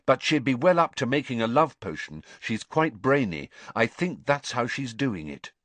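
A man's voice: mid-range voice, big pitch swings, moderate pace, fairly bright tone, no echo, pitched above the performer's own voice. A man voicing a spiteful, catty teenage schoolgirl.

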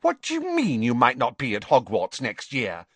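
A man voicing a haughty, prim teenage schoolgirl with a shrill, pointed way of speaking. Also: wildly swooping pitch, a little slow, dry recording, heavily acted. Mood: catty.

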